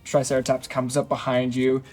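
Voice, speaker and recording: A man's voice: medium pitch, monotone, normal speed, darkish tone, faint music behind. A man narrating a tabletop game as dungeon master, casual and rambling with many fillers.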